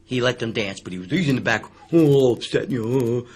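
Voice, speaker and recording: An older man, a musician appearing as a radio guest, telling stories in an animated, emphatic way. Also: mid-range voice, a little fast, a crowd in the background. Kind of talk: casual radio interview storytelling.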